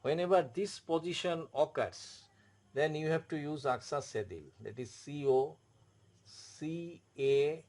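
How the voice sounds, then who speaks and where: A man with an Indian English accent teaches French in a slow, deliberate classroom manner. His voice sits a little high for a man, and he repeats key words and spells letters out one by one. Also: a little mellow. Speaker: French tutor. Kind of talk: classroom explanation.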